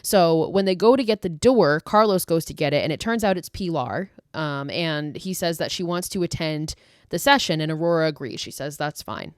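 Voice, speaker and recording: Woman host, lowish voice, dry close mic, casual film recap with swearing rants. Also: moderate pace, clean tone, no room sound. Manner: profane, exasperated asides; filler-heavy retelling with 'like'. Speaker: podcast host.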